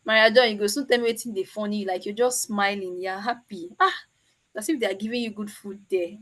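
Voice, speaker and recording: A woman's voice: mid-range voice, fairly even intonation, fairly quick, a bit bright. A Nigerian woman hosting an online meetup over a video call, chatty and teasing. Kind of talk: casual chat.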